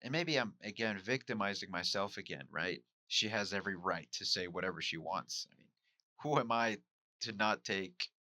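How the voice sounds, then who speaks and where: Candid, self-questioning man with a low, bright voice. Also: normal speed, no echo, studio quality. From Mexico. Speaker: podcast host and amateur stand-up comic. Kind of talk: reflective solo monologue.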